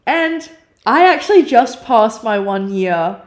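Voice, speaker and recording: A young adult woman co-hosting a casual chat, telling a story in a chatty, animated way with lots of fillers. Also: a little high, slow pace. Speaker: podcast co-host.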